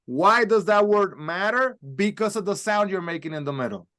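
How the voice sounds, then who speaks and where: A man's voice: sits high, expressive, moderate pace, bright, forceful tone. A man teaching a pronunciation class, patiently explaining step by step and modeling sounds for learners to repeat. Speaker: Spanish teacher. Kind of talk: recorded language lesson.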